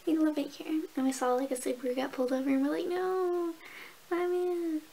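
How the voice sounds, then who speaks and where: Young woman, high voice, casual makeup vlog chat, swears and laughs, faint background noise. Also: fairly even intonation, rapid-fire, creaky, dark tone, low-quality recording. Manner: chatty storyteller, swears and laughs a lot. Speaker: beauty vlogger. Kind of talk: casual get-ready-with-me chat.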